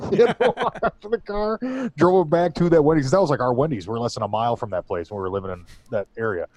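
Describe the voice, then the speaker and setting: A man's voice: medium pitch, big pitch swings, fast talker, darkish tone. A man hosting a podcast, telling stories in loose, profane casual chat and laughing often. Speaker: podcast host.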